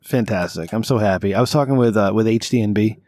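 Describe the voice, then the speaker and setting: A man's voice: lowish voice, fast talker, a little mellow, no room sound, studio quality. A man hosting a casual comedic podcast who jokes and laughs often. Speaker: podcast host.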